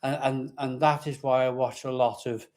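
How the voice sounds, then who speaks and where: A man's voice: mid-range voice, steady tone, moderate pace, a little mellow. A man from Barry in Wales with a Welsh accent, chatting casually as host of a live stream, rambling and repeating himself, with a slight growl at the back of his voice. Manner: chatty, rambling, reads viewer comments aloud, repeats himself.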